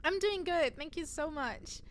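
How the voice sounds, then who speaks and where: A woman's voice: high voice, measured pace, slight background noise. A woman streamer chatting casually with her viewers, telling stories animatedly and laughing often. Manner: giggly, animated storytelling. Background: faint cat purring sounds.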